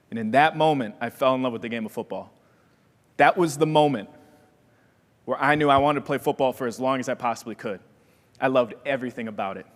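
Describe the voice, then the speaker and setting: A young man from Wisconsin giving a motivational talk as keynote speaker, an energetic storyteller who acts out the voices in his story. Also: medium pitch. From Wisconsin, USA. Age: young adult. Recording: long hall reverb.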